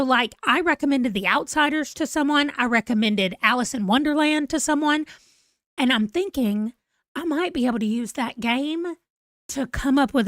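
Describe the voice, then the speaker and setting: Woman in her 40s rambling on a livestream, slightly high voice, dry close sound. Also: fairly bright tone, dry recording. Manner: rambling, chatty, self-deprecating. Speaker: book vlogger. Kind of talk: casual live-stream chat.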